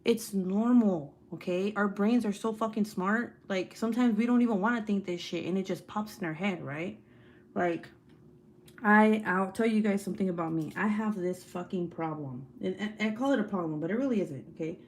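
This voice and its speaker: A woman's voice: medium pitch, moderate pace. A young woman hosting a casual livestream, chatting with viewers, swearing freely and laughing often. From United States. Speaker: livestream host reading viewer comments. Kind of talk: casual live chat.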